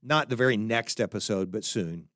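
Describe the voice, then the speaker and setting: A man's voice: on the low side, normal speed, a bit bright, dry recording, studio quality. A man hosting a talk show, explaining ideas in a thoughtful lecture style, often restarting and correcting himself. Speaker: podcast host.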